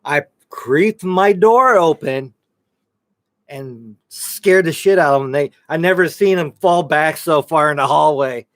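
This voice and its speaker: A man's voice: fairly high pitch, a little slow. A man co-hosting a paranormal show in loose, rambling chat, laughing often and swearing casually. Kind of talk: casual live-stream chat.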